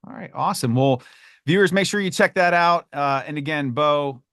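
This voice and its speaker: A man's voice: a little high, normal speed, a bit bright, dry recording, clean studio sound. A man hosting a podcast interview, earnest and grateful, often repeating words as he asks questions. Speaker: podcast host.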